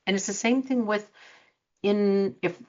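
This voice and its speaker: A woman's mid-range voice, a little mellow and a little slow, carries an earnest motivational talk from a life coach who hosts a show. She dramatizes the reactions she quotes, and the lo-fi audio is dull.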